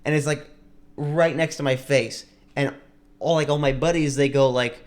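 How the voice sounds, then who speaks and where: A man's voice: fairly high pitch, fairly even intonation, normal speed. Rambling man telling a story. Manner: rambling, full of likes and restarts. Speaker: podcast co-host. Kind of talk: casual storytelling.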